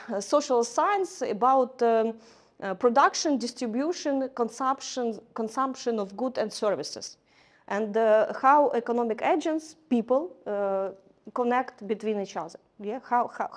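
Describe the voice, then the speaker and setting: A woman giving a lecture in English, halting often with fillers and restarts. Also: a little high. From Ukraine. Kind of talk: lecture to a class.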